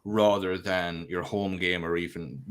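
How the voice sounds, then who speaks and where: A man in casual podcast conversation about tabletop games. He thinks out loud, rambles with fillers and pokes fun at himself. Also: low-pitched, steady tone, unhurried. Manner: reflective, rambling with fillers, self-deprecating. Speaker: podcast co-host.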